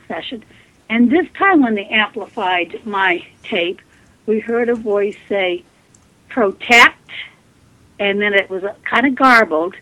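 A woman's voice: medium pitch, dull audio. A woman recounting her experiences earnestly as a guest on a radio interview. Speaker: guest, spiritualist medium. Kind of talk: storytelling interview.

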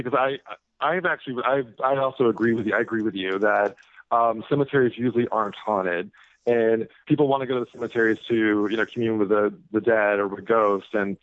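A man's voice: fairly low pitch, no echo. A man who is an author and guest, talking casually in an interview, rambling with many fillers and restarts. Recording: tinny phone-like radio audio.

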